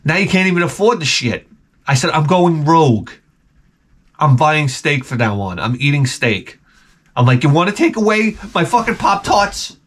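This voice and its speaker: A middle-aged man rants in a rambling, profane, animated way, full of restarts. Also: a little high, normal speed. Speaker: vlogger. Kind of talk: profane comic rant.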